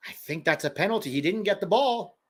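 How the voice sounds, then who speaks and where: A man's voice: high voice, animated, a little fast, fairly bright tone. Chatty American man riffing on soccer. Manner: chatty, sarcastic, riffs between live match reactions. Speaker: watch-along host. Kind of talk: casual live match watch-along commentary.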